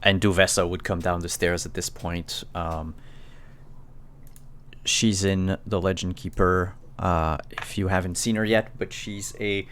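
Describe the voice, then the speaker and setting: A man's voice: deep voice, level tone, a little slow, a bit bright, slight background noise. A man narrating as game master in a live-streamed tabletop game, hesitant and full of ums and restarts. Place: home streaming setup.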